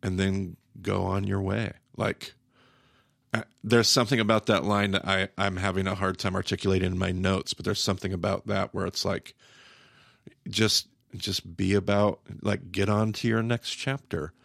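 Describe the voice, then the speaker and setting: Gravelly low-voiced man musing. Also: flat delivery, fairly bright tone, no echo, studio quality. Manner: thoughtful, halting, searching for words. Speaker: podcast co-host. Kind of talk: casual discussion.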